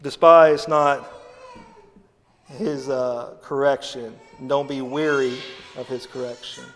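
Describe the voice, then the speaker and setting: A man preaching a sermon as associate pastor, folksy and humorous, swinging between loud emphasis and quiet asides. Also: medium pitch, little pitch movement, measured pace, a little hiss or hum. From Missouri, USA. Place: church sanctuary. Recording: long church reverb.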